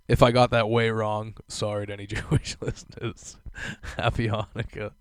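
A man's voice: fairly low pitch, flat delivery, moderate pace, clear, resonant tone, no echo. A young man hosting a casual solo podcast, rambling and swearing often, breaking into laughter as he talks. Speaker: podcast host.

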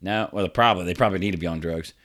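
A man co-hosting a casual podcast, telling an animated work story with frequent laughs and swearing. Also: low-pitched, racing.

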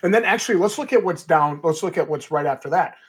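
A man co-hosts a casual book podcast in a relaxed, thinking-out-loud way. His voice is a bit husky and fairly high for a man, with a lively swing in pitch. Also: quick pace. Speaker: podcast co-host.

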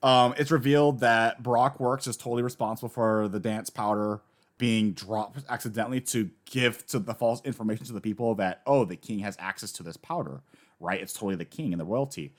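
A man in casual chat, recapping a story with lively enthusiasm and acting out the characters he quotes. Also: on the low side, a little fast. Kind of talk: casual manga discussion.

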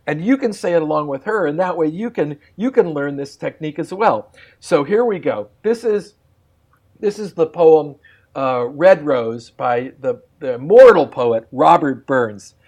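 A man's voice: fairly high pitch, lively intonation, darkish tone. A man guiding listeners through a poem line by line over a remote call, laughing easily as he talks. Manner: slow rhythmic line-by-line recitation, laughs easily. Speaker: poet demonstrating poetry sessions. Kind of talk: warm guided demonstration.

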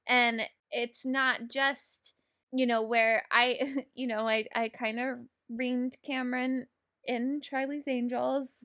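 A woman in a casual movie discussion, animated, laughing often and swearing freely. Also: on the high side, takes it slowly.

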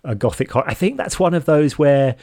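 A man co-hosting a casual film podcast, talking in a measured, hedging way with many fillers. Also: a little high, lively intonation, mellow.

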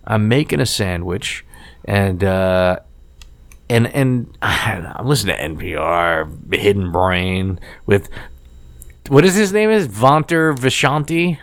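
A man's voice: fairly low pitch, measured pace, no echo. A man in his forties telling a family story in casual chat, swearing and acting out the people he quotes. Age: 40s. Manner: animated, swears, acts out quoted voices.

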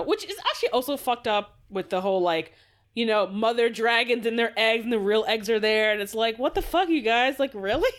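Woman podcast co-host, fairly high voice, very animated pitch, rambling casual chat with swearing. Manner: rambling, restarts, swears, sighs. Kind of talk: casual book discussion.

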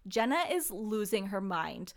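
A woman's voice: medium pitch, big pitch swings, measured pace, vocal fry. A young woman co-hosting a casual recap chat, blunt and swearing, laughing often as she recounts events. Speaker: podcast co-host.

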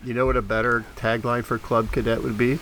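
A man's voice: medium pitch, little pitch movement, a little fast, a bit bright, soft background music. A man co-hosting a comedy podcast, joking around, laughing often and slipping into silly voices. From Ireland. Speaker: podcast co-host. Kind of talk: comedic casual chat.

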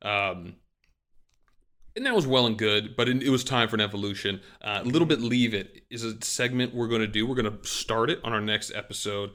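A man's voice: on the low side, fairly quick, a bit bright. A man co-hosting a casual sports podcast, talking in a rambling, self-deprecating way with many fillers. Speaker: podcast co-host. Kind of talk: casual chat.

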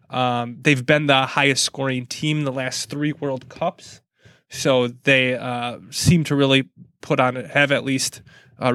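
A man's voice: mid-range voice, fairly bright tone, no room sound, studio quality. A man hosting a casual soccer preview, easygoing and joking while breaking down teams. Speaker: sports podcast host.

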